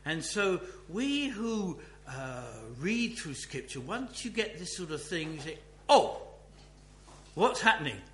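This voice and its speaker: Slow, musing man preaching in an echoey hall. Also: sits high, sing-song, a bit bright. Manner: slow, musing delivery with many restarts. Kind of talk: Bible teaching talk. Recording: echoey room with faint hum.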